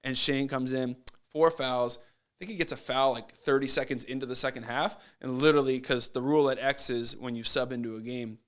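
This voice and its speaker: A man guesting on a podcast as a basketball coach, telling stories in a casual, animated way and acting out what people said. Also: mid-range voice, fairly quick, smooth. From Nova Scotia, Canada. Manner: animated, acts out quoted voices. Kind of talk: casual storytelling.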